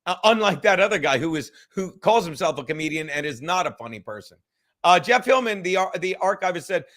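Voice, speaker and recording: Loud, profane man hosting a podcast. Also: sits high, expressive, brisk. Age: 50s. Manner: loud, profane, heated storytelling. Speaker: podcast host. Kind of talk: casual chat.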